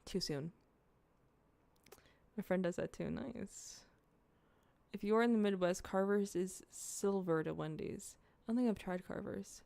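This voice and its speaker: Young woman streamer, loose rambling chat, cusses a lot, gravelly fry in the voice. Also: medium pitch, measured pace, pauses often, darkish tone, no echo. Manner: chatty, rambling, swears freely, talks to chat. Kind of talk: casual livestream chat, eating on camera.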